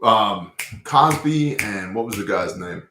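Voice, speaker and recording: Host, male, lowish voice, casual and profane storyteller, roomy echo. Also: expressive, slow, bright, forceful tone, a little hiss or hum. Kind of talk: casual scripture discussion.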